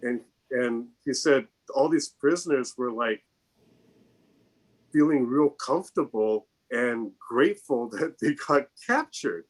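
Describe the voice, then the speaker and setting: A man telling a story casually on a video call, acting out the people he quotes in a higher voice. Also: takes it slowly. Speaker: storyteller in a group chat.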